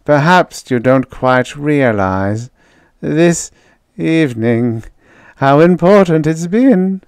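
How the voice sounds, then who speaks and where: A cool, meticulous mastermind, voiced by a man narrating a horror audiobook, speaking in a slow, measured intone. Precise and deliberate, recorded dry and close. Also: a little high, expressive, a little mellow, clear, resonant tone, dry recording, pitched above the performer's own voice.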